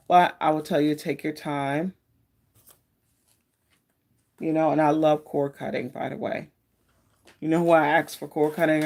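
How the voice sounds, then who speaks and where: Woman, tarot live-streamer, rambling and friendly-casual delivery. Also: sits low. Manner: chatty and meandering, greets viewers by name. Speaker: tarot card reader hosting a live stream.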